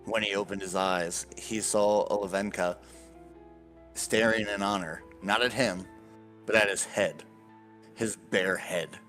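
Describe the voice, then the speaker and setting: Male game master, low and slow, casual swearing narrator, faint music bed. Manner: animated, casual, swears freely.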